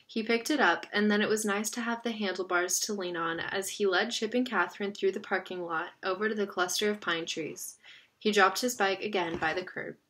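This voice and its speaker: A woman reading a children's novel aloud in a steady storytelling manner, stumbling over a word now and then. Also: mid-range voice, brisk. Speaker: narrator.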